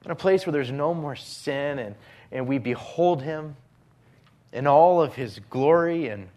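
A man preaching a sermon as a pastor, earnest, often dropping his voice to a hushed whisper on key phrases. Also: a little high, measured pace.

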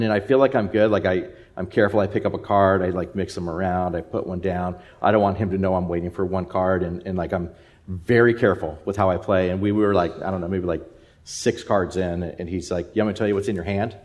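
Pastor in his thirties, low voice, animated storyteller full of ums and restarts. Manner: animated, rambling anecdote with many fillers. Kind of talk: sermon with personal storytelling.

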